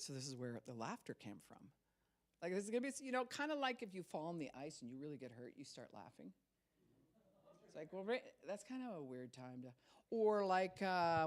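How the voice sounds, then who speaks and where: A woman pastor in her sixties preaching a sermon, telling stories with frequent laughter and acting out the people she quotes. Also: low voice. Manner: storytelling, laughs often, acts out quoted voices.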